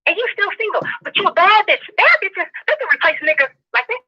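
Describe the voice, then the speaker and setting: A woman's voice: extremely high pitch, big pitch swings, sharp tone. Passionate, profane woman ranting. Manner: passionate, profane, rapid-fire lecturing. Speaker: show guest. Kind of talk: heated social commentary rant. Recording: dull lo-fi audio.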